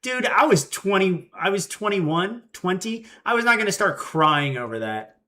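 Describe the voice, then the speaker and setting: A young man in his twenties chatting casually on a livestream and telling an animated story, acting out the quotes. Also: high voice, moderate pace. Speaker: streamer.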